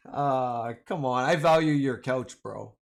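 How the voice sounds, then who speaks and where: A man's voice: mid-range voice, gravelly. A man hosting a casual livestream, rambling and joking, often calling his viewers "man" and "boys". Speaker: livestream host.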